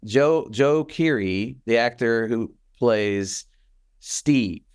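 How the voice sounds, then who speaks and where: A man co-hosting a podcast in casual chat, animated and quick to act out quoted lines. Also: mid-range voice, clean tone, dry recording, studio quality. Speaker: podcast co-host.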